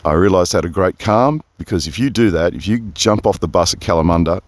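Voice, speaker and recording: Man, lowish voice, chatty rambling diary, phone-close outdoor sound. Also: expressive, fast talker, no echo. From Perth, Australia. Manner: rambling, easily sidetracked, chatty asides. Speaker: audio diarist. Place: outdoors under a big tree, windy. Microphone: phone resting close on his face.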